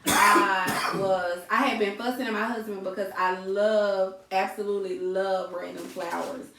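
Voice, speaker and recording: A woman co-hosting a podcast, telling stories in a casual, animated way and calling her listeners y'all. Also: medium pitch, measured pace, gravelly, slight background noise. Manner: animated, laughs often, addresses listeners as y'all. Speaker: podcast co-host. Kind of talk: casual storytelling chat. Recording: echoey room, distant mic.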